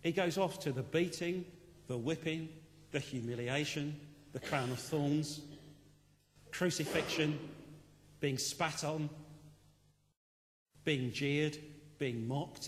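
A man preaching a sermon, impassioned, building to loud rhetorical questions and then dropping quiet and reflective. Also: a little high, slow, big-room sound, a little hiss or hum.

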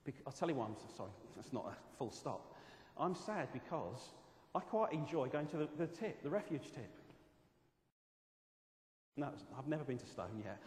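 A man preaching a sermon, expressive and animated, telling stories with self-aware asides. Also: medium pitch, normal speed. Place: church hall. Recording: echoey hall from a distance.

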